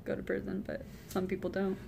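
A woman's voice: mid-range voice, completely flat delivery, fairly quick, gravelly, warm tone, a little hiss or hum. A woman chatting casually and giggling often with friends while streaming from a hotel room. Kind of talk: casual chat.

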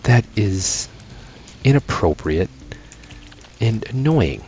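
Gaming host, male, low and unhurried, sweary sarcastic rants, late-night weary. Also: very animated, dark tone, slight background noise. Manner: ranting, profane, sarcastic asides. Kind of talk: casual gameplay commentary.

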